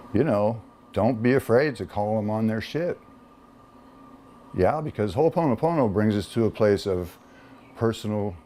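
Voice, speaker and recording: A man speaks in a relaxed, plain-spoken way, often pausing on fillers. His voice is very low and mellow. Faint noise sits behind him. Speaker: speaker sharing a personal story. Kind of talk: casual personal talk.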